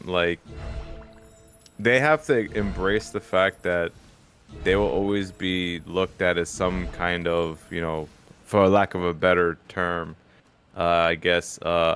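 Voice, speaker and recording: A man's voice: deep voice, a bit bright. A man co-hosting a gaming stream, chatting casually, laughing often and reading out chat. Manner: laid-back, laughs often, reads chat.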